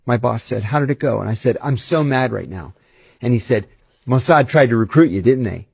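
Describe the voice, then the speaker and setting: In this conversational interview, a man who once worked in intelligence recounts stories lively and acts out the lines he quotes. He speaks briskly in a mid-range, gravelly voice with lively intonation, a darkish tone, and a breathy edge. No room sound is audible.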